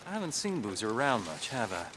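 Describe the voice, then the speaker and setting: A man's voice: mid-range voice, big pitch swings, fast talker, fairly bright tone. An actor voicing a male camp boss in a video game, plainly passing on news. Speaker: game character. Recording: game audio under the commentary, with crowd noise.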